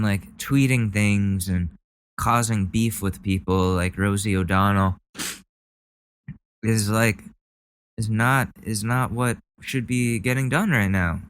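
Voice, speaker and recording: A man's voice: lowish voice, a bit bright, dry recording. Sarcastic rambling podcast host man. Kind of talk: casual comedic commentary.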